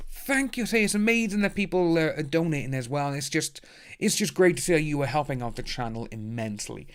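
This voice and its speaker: A man's voice: fairly high pitch, fairly bright tone. A man hosting a casual livestream, chatting upbeat and thanking viewers by name as he reads the chat. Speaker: livestream host reading chat. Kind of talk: casual live stream chat.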